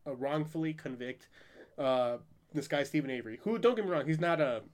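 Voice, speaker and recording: A man's voice: a little high, lively intonation, fairly quick. A man hosting a podcast in casual chat, rambling and profane, laughing often. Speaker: podcast host.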